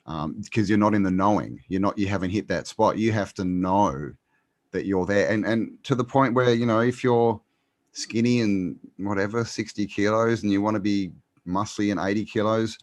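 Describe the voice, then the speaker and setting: A man speaking in a very low voice, recorded dry and close. He talks as a guest in a relaxed conversation, pausing often with ums and restarting his sentences. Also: no room sound. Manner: hesitant, many ums and restarts. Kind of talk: casual conversation.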